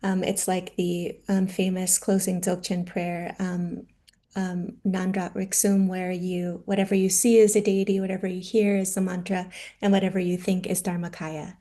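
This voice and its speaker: A woman's voice: on the low side, flat delivery, normal speed, dark tone. A woman explaining a meditation practice as translator over a video call, hesitant with many filler ums.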